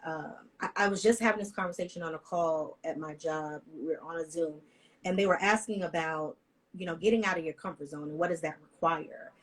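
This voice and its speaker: A woman's voice: sits low, fairly quick, low-quality recording. Heartfelt woman telling a personal story. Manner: heartfelt, emotional, animated storytelling. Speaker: panelist.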